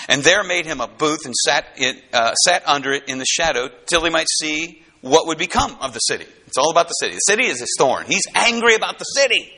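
Bright-voiced man preaching a lively sermon. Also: on the high side. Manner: animated, swinging from hushed to emphatic. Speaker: pastor.

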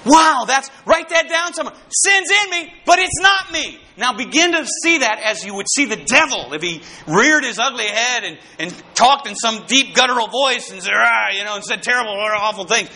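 A man preaching a fervent sermon, calling out to the congregation and bursting into shouts. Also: very high-pitched, expressive, a little fast, few pauses, breathy edge.

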